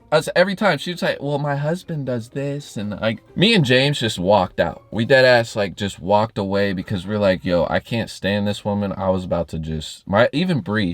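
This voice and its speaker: A young man, a YouTuber, telling a story in a casual storytime vlog, animated and profane, with his pitch jumping up and down. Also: no echo.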